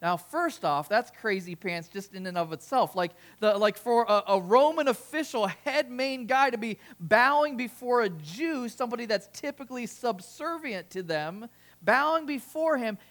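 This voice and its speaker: A woman's voice: fairly high pitch, expressive, moderate pace. Chatty woman preaching a sermon. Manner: conversational, with frequent restarts and asides.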